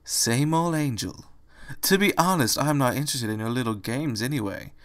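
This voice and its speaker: A man voicing a malicious female cat, speaking slowly with a sly, mocking manner in a storybook reading. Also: medium pitch, natural voice. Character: malicious slow-talking female white cat.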